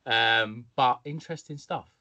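A man's voice: mid-range voice, unhurried, pushed and bright, dull audio. A young man telling a story casually on a podcast, now and then putting on voices. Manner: laid-back storytelling, slips into mock voices. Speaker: podcast co-host.

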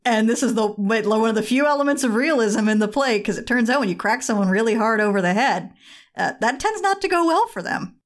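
A woman's voice: fairly high pitch, animated, a little fast. A woman in casual chat about a musical, wry and laughing as she quotes lines.

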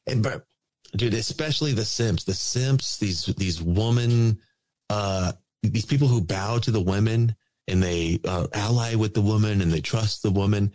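A man on a podcast, ranting emphatically and repeating his points with drawn-out stress. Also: lowish voice, darkish tone. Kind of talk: casual podcast rant.

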